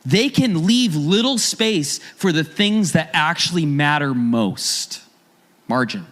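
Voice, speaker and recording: Animated, conversational male preacher. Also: on the high side, slow. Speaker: pastor. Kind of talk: sermon.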